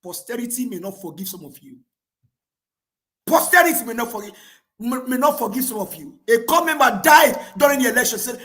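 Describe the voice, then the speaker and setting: A man's voice: very high voice, animated, a little fast. A man in his thirties with a Nigerian accent, calling in with fervent, repetitive political commentary. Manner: fervent, repetitive, rising to shouts. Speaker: caller.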